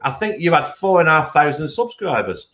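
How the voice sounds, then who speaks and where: Animated northern English man, high voice. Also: brisk. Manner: animated storyteller, swears freely. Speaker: guest beer reviewer. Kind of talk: casual live-stream chat.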